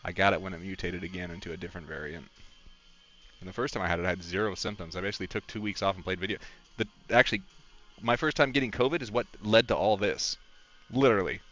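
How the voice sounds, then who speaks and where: A man chats through a game stream in a rambling, candid, openly emotional way. His voice is low but bright and forward. The stream audio is a little dull, with faint music behind him. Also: fast. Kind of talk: casual live-stream chat.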